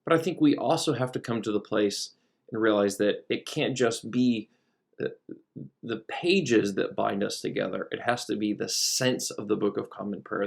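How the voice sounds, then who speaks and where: A man's voice: lowish voice, creaky. A man who is a priest, giving a conversational teaching talk with frequent fillers and restarts. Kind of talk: recorded teaching talk over slides.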